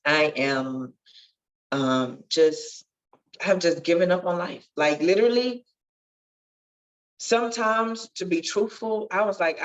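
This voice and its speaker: A woman's voice: fairly low pitch, slow pace, pauses often, dull audio. A woman guest telling her life story in an earnest, testifying way that swells with feeling. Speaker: podcast guest, nurse. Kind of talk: emotional storytelling interview.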